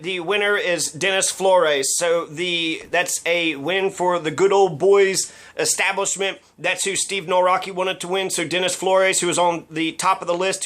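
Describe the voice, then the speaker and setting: A man's voice: high-pitched, pushed and bright. A man giving casual political commentary on local election results, blunt, sarcastic and given to swearing.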